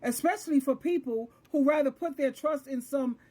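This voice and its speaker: High-voiced woman, earnest faith commentary. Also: normal speed, dark tone. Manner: earnest, emphatic, conversational. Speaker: host. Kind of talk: religious commentary.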